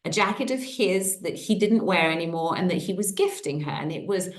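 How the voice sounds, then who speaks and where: Middle-aged woman coach, animated storyteller with a swinging pitch, recorded in an echoey room. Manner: lively storytelling with quick pitch jumps. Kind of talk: casual talk to an online group.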